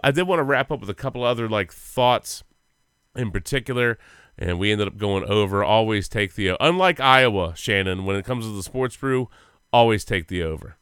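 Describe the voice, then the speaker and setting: A man with a lowish, smooth voice co-hosts a sports podcast, rambling through football news in a loose, profane way. He is close to the mic, and the sound is dry. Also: lively intonation, normal speed, fairly bright tone, dry recording. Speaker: podcast co-host. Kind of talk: casual sports chat.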